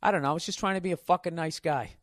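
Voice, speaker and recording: A man's voice: a little high, rapid-fire, dry recording, studio quality. A man in his forties telling stories in a casual, profane, rambling monologue as a podcast host. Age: 40s.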